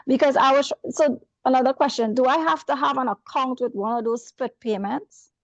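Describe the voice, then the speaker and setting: A woman's voice: high voice, moderate pace, no room sound. A woman with a non-native accent, a student calling into a class over a video call, talking in an apologetic, rambling way. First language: not English. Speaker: student asking a question. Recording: dull, dry video call audio.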